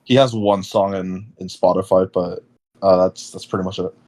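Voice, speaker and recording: A man's voice: low-pitched, fairly even intonation, moderate pace, darkish tone. A young man hosting a casual podcast interview, rambling with many fillers and restarts. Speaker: podcast host.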